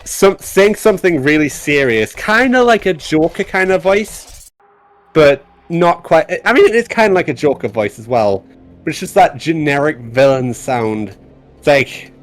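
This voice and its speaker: A man, a game developer and amateur voice actor, chatting casually on a stream, animated and self-deprecating, laughing often. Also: a little high, moderate pace, soft background music.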